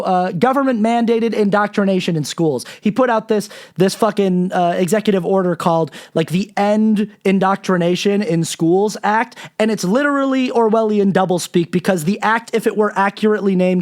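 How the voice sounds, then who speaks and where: Fired-up man ranting, high voice. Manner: angry, profane, worked up. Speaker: political commentator. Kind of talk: ranting monologue.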